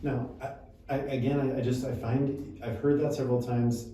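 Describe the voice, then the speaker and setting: Brief: male interviewer, hesitant phrasing, warm tone, echoey room, mic distant. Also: mid-range voice, flat delivery. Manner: halting, restarts his questions. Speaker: podcast host. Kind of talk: conversational interview. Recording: echoey room, mic far off, faint noise.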